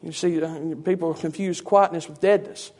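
A man's voice: fairly high pitch, steady tone, moderate pace, darkish tone. A man preacher giving a teaching sermon in a conversational way, with many rhetorical questions.

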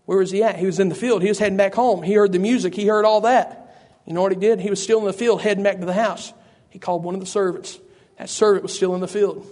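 A man's voice: high-pitched, steady tone, quick pace, few pauses, darkish tone. A man preaching a sermon, fervent and repetitive, calling out to listeners by name. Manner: addresses listeners by name, frequent "I tell you".

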